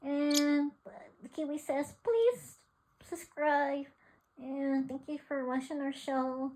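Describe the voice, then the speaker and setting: A woman's voice: high-pitched, level tone, unhurried, a little mellow. Giggly woman coaxing her pet bird. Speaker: pet vlogger. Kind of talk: casual vlog chatter to her pet and viewers.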